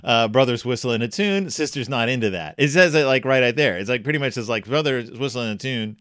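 A man hosting a comedic book review, talking in an animated, jokey way with wry asides. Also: mid-range voice, brisk, dry recording, studio quality.

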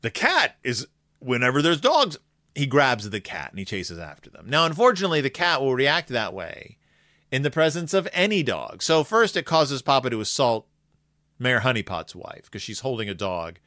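Casting: lively, sarcastic male recapper, bright voice, dry close sound, talking from home. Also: mid-range voice, no echo. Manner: animated, sarcastic, acts out characters in quick asides. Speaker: podcast host recapping a cartoon episode. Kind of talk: casual comedic recap. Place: home room with shelves of toys.

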